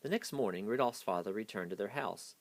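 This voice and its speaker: A man's voice: lowish voice, animated, fairly quick, gravelly, a little hiss or hum. A man hastily reading a children's picture book aloud. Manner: hasty reading. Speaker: storyteller.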